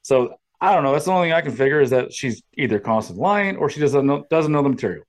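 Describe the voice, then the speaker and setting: Into a podcast microphone, a man with a mid-range voice and lively intonation talks at a quick pace. He co-hosts a casual podcast, rambling and sarcastic. He swears often, keeping the chat profane.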